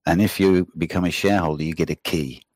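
Low husky man telling rambling stories. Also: quick pace, no room sound, clean studio sound. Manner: rambling, swearing, animated storytelling. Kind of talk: casual chat.

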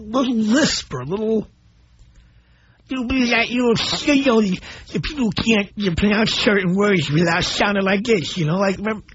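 A middle-aged man hosting a call-in radio show, blunt and animated as he tells stories to his listeners. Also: sits high, breathy edge, no echo. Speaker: radio talk show host. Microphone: studio microphone. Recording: dull broadcast audio.

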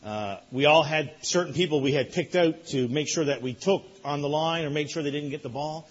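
A man preaching a sermon as a pastor, telling a lively story that builds in excitement. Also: fairly high pitch, brisk, husky, lo-fi sound. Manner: animated storytelling, rising loud in excitement.

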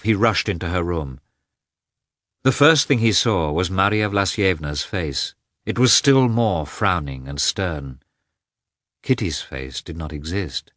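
A man giving a slow, expressive scripted reading of a novel as an audiobook narrator. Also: sits low, no room sound, clean studio sound.

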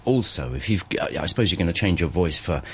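Low, swooping, playful radio host man. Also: expressive, quick pace, slight background noise. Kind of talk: morning radio chat. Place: radio studio.

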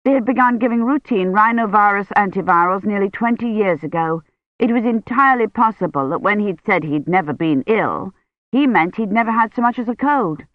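An audiobook narrator reading a novel in a measured, even way. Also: mid-range voice, no echo. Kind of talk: scripted narration. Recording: dull lo-fi dry studio audio.

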